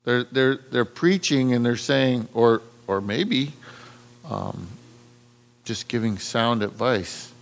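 Gravelly-voiced man preaching a sermon. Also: medium pitch, takes it slowly. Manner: conversational, repeats words, quotes scripture. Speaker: pastor.

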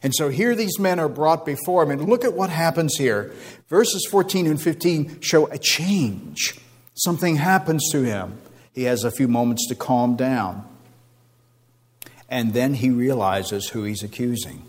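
A man's voice: mid-range voice, expressive, unhurried, slightly rough, long reverb tail. A man preaching a sermon with an emphatic, repetitive cadence.

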